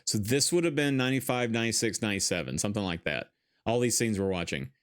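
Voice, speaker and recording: A man's voice: lowish voice, animated, fast. A man hosting a podcast, chatting casually while watching a film, laughing often and swearing freely. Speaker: podcast host.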